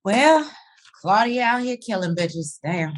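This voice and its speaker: A woman's voice: mid-range voice, very animated, slow. A woman co-hosting a TV review chat, commenting bluntly with slang and swearing. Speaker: co-host reviewing a TV episode. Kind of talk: casual recap chat.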